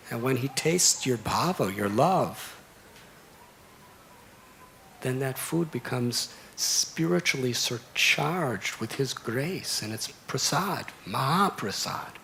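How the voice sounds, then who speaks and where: Giving a discourse at a temple, a monk from the United States in his 60s tells a devotional story, repeatedly returning to lists. He has a mid-range, fairly bright voice, and the recording carries a little hiss or hum.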